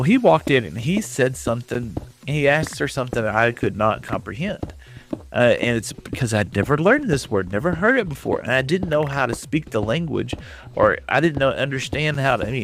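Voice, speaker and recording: A man's voice: medium pitch, very animated, brisk, fairly bright tone. A man from West Texas with a Texan accent, casually chatting and telling stories to viewers while playing a game. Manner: rambling storyteller, chatting with viewers. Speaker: streamer. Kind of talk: casual chat while gaming.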